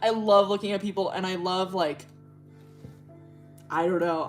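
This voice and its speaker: A woman's voice: mid-range voice, moderate pace, faint music behind. A young woman from Wyoming telling a dating story in a casual, profane storytime chat, with bursts of shrieking laughter. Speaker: streamer.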